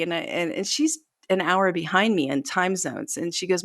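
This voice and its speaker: Chatty woman with a gravelly edge. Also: lowish voice, animated, moderate pace, a bit bright, no echo, studio quality. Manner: chatty, self-deprecating, laughs often. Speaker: author guest. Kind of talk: casual interview storytelling.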